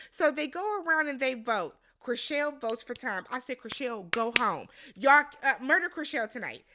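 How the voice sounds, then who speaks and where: A woman giving a casual, blunt recap of a reality competition show, swearing freely and acting out quotes with big jumps in pitch. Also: pushed and bright.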